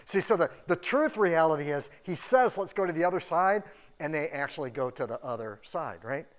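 A pastor giving a casual, animated sermon in a church, acting out quoted voices as he goes. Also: on the high side, brisk. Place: church building.

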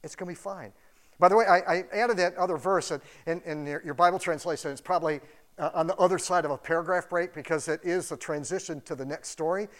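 A pastor giving a casual, animated sermon in a church, acting out quoted voices as he goes. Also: on the high side, fast talker. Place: church building.

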